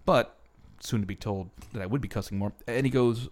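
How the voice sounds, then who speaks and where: A man's voice: medium pitch, normal speed, long pauses, slight background noise. A man co-hosting a podcast, telling profane childhood stories in casual chat with frequent laughter. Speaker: podcast co-host.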